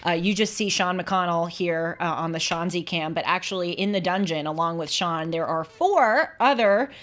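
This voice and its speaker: A young adult woman hosting a talk show, chatting casually and giving her opinions with quick asides. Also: lowish voice, a bit bright, a little hiss or hum. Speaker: show host.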